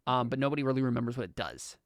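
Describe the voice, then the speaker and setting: A man's voice: mid-range voice, lively intonation, rapid-fire, vocal fry, dry recording, clean studio sound. A young man running a tabletop game as game master, explaining the lore in a rambling way with lots of restarts.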